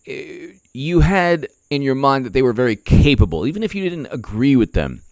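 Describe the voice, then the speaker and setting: A man's voice: medium pitch, sing-song, moderate pace, dry recording. A man hosting casual political commentary, rambling with many fillers and slipping into mocking impressions.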